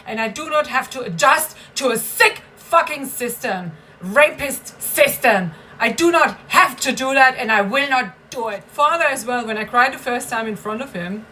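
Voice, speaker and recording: A woman's voice: a little high, unhurried, sharp tone, slight background noise, poor audio. A woman venting in a personal vlog, bitter and emphatic, swearing and repeating herself for stress. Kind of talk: agitated personal vlog rant.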